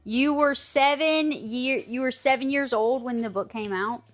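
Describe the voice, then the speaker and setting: A woman's voice: sits high, measured pace, soft background music. A woman in her thirties streaming live, chatting casually and teasing her chat, swearing freely.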